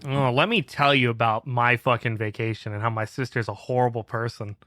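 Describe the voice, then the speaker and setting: A man's voice: mid-range voice, fairly even intonation, brisk, a bit bright, dry recording, clean studio sound. A man telling a heated story on a casual podcast, swearing a lot and getting fired up. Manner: profane, fired-up ranting. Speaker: podcast co-host.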